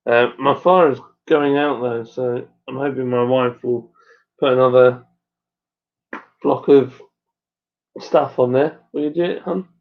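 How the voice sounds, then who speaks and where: A man with a broad Suffolk accent chats away on a home live stream, matey and rambling, with lots of ums and uhs. His voice sits in an ordinary middle pitch. The recording is dull and lo-fi. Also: fairly even intonation, a little slow, pauses often. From Suffolk, England. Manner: rambling and matey, with many fillers. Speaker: stream host and brewer. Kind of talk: casual live-stream chat reading viewer comments. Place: at home by the fire. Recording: dull lo-fi sound.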